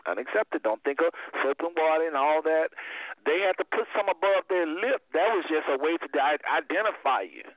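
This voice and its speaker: A man's voice: fairly high pitch, lively intonation, moderate pace, no echo. A man hosting a call-in Bible study, who teaches emphatically and repeats his key phrases. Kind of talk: preaching Bible teaching over a phone line. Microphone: phone line. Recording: tinny dry phone line.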